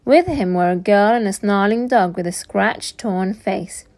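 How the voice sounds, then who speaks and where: A woman teacher reading a children's storybook aloud with slow, expressive narration. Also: mid-range voice.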